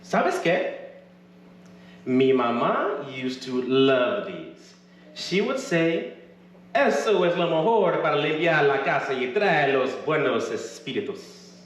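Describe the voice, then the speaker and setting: A man voicing a brash, high-pitched woman with a borderline obnoxious voice, heard from far off in an echoey room. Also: very animated, takes it slowly, a little hiss or hum. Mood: nostalgic.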